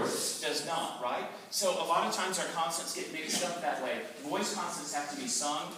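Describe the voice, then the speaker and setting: A man's voice: fairly high pitch, normal speed. A man coaching a choir, playfully demonstrating sounds for the singers to repeat. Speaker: choir clinician. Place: large echoey hall. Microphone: distant camera mic. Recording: very echoey hall, heard from far off, loud noise.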